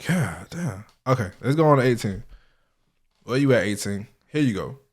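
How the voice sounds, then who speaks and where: A man's voice: medium pitch, animated, moderate pace. A man hosting a casual reaction video, talking in a loose, profane, slang-heavy way.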